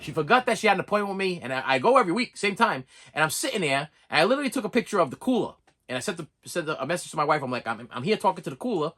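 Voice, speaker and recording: A man's voice: fairly high pitch, sing-song, racing, hardly any pauses, a bit bright, faint music behind. A middle-aged man talking candidly to camera on his own channel, rambling and venting with frequent restarts and dry jokes. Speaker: channel host. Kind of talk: candid vlog monologue.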